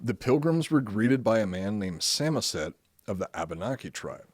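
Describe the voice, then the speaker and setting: A man's voice: fairly low pitch, big pitch swings, normal speed, dry recording. A man hosting a podcast, reading from notes with lots of swearing and joking. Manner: profane, jokey, often laughing. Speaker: podcast host.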